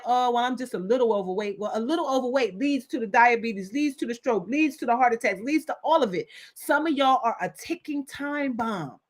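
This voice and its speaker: A wellness speaker with a fairly high voice delivers an impassioned talk. She preaches urgently, driving her points home by repeating them.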